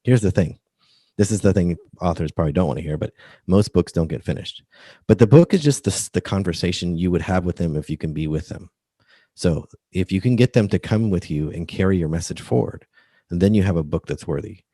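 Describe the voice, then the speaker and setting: This man speaks briskly in a low, warm voice, captured at studio quality without echo. As a book coach guesting on a podcast interview, he earnestly lays out how a book ought to guide readers toward a single step.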